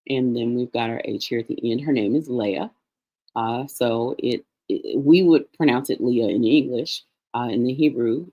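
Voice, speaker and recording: A woman with a low, deep speaking voice leads a casual scripture study. She reads passages aloud and then explains the Hebrew names slowly, often restarting her sentences and going off on small asides. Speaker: Bible study teacher. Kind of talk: casual Bible reading and teaching.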